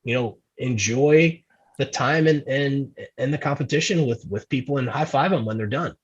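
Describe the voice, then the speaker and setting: A New Jersey man on an amateur racing team tells stories as a podcast guest, with a dull, lo-fi recording. His medium-pitched voice has a breathy edge and normal speed, and he rambles, restarts sentences and often laughs at himself.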